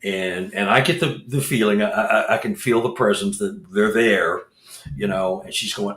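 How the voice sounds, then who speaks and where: The Bigfoot expedition leader and researcher speaks at a normal speed in a lowish, slightly bright voice with fairly even intonation. His casual story wanders, with restarts and repeated words, and the room is echoey.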